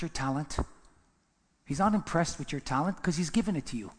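A man preaching a sermon as pastor, emphatic, repeating words and swinging between loud and hushed lines. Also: a little high, animated, a little fast, in a large hall. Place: church.

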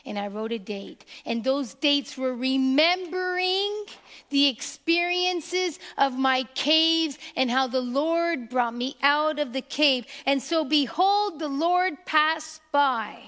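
A woman's voice: high voice, slow, fairly bright tone. A woman preaching a sermon, emphatic and drawing out key phrases. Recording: long hall reverb.

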